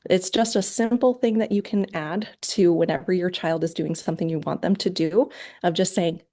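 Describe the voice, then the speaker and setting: A woman giving an instructive lecture on parenting techniques over a video call, explaining clearly and briefly acting out what parents and children might say. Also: fairly low pitch, warm tone. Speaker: parent training presenter. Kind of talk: lecture presentation.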